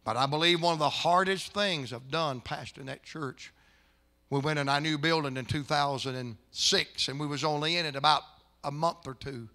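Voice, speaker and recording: Forceful older preacher man. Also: on the high side, moderate pace. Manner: folksy storytelling that builds to impassioned, shouted preaching. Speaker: pastor. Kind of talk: storytelling sermon.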